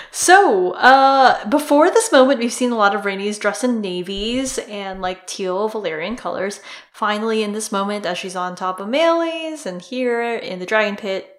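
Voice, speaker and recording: A woman's voice: medium pitch, animated, measured pace, a bit bright, roomy sound. A woman co-hosting a casual podcast chat, talking freely with many fillers and frequent laughs. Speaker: podcast co-host.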